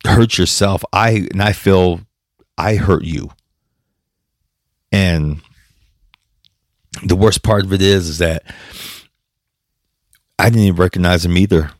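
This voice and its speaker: A man hosting his own podcast, talking emotionally and haltingly with restarts, choked up and close to tears. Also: sits low, fairly even intonation, dry recording. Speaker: podcast host. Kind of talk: personal podcast monologue.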